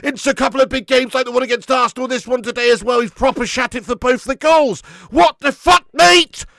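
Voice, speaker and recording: A man hosting a live football watch-along, swearing freely, getting excited and reading out viewer comments. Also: very high voice, quick pace, vocal fry, no echo, studio quality. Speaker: fan channel host.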